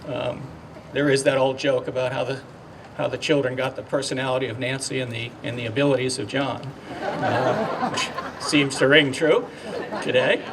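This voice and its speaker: A man's voice: medium pitch, steady tone, crowd noise. Older man, ceremonial speaker, stumbling but earnest, distant mic with faint outdoor hum. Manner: halting, heartfelt, many fillers and restarts. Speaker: speaker at a memorial dedication. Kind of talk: ceremonial speech.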